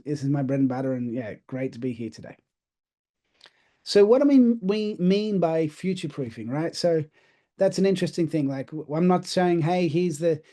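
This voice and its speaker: A man's voice: a little high, mellow. A man from Australia with an accent mixing Australian, British and American, giving a chatty, self-deprecating webinar presentation. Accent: Australian mixed with British and American.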